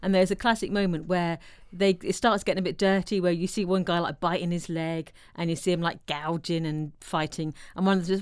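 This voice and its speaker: A woman, co-hosting a casual film chat and retelling the plot with animated storytelling. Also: lowish voice, a little fast, hardly any pauses, clean tone, dry recording, clean studio sound. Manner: animated storytelling, acts out quotes. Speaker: podcast co-host.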